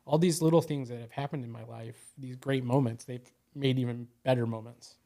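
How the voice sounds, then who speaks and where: Male podcast guest, casual rambling storyteller, average pitch. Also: steady tone, a little fast, mellow. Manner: rambling, full of "you know" and "like".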